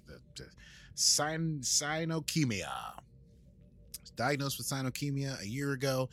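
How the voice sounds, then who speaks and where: There's slight background noise behind this American podcast host's lowish voice as he recaps an episode. The chat is casual, rambling and playful, with sound effects tossed in.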